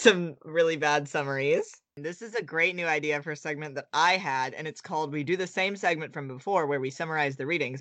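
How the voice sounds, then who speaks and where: A man hosting a podcast, talking quick in casual chat and laughing easily. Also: a little high, pushed and bright, no echo. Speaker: podcast host.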